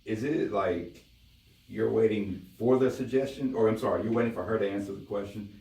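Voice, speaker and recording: Low-voiced male podcast guest, relaxed and explanatory; echoey studio with faint ambience. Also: a little fast, creaky, recorded from a distance. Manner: easygoing, explains his view. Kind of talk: casual chat.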